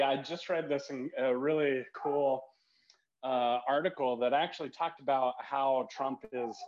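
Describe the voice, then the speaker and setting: A man co-hosting a podcast, rambling loosely through his thoughts and laughing often. His voice sits at a middle pitch. The recording sounds dull and lo-fi. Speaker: podcast co-host, Sunday school leader. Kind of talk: casual conversation. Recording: dull lo-fi audio.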